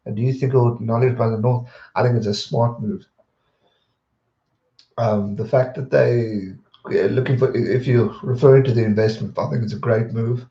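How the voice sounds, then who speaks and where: A man hosting a livestream, casually chatting and answering viewers' questions with a rambling, relaxed manner. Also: mid-range voice, moderate pace, echoey room, lo-fi sound. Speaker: livestream host.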